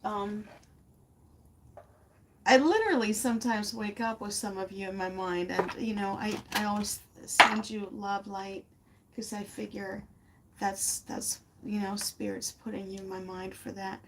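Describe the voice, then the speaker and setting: A woman talks through a relaxed craft lesson at an unhurried pace, rambling and laughing as she goes. Her voice sits at an ordinary pitch, and a faint hum of room ambience lies underneath. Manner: chatty, rambling, laughs often. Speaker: art teacher. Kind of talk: casual livestream craft lesson.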